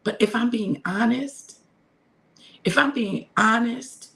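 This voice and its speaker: A woman's voice: fairly high pitch, takes it slowly, vocal fry, pushed and bright. A middle-aged woman giving a casual spiritual talk to her listeners, repeating phrases for emphasis and speaking to them directly. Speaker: minister sharing a devotional.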